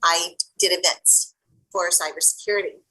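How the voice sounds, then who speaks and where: Bright, husky-voiced woman telling a story. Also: lowish voice, normal speed, rough recording. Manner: animated, acts out the voices of people in her stories. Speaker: guest coach. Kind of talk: personal storytelling in an interview.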